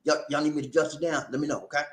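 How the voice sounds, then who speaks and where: A man hosting a casual livestream, animated and breaking into sung catchphrases. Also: on the high side, rapid-fire, echoey room. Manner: animated, sings and shouts catchphrases. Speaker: livestream host. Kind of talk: casual live chat. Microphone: new noise-reducing mic.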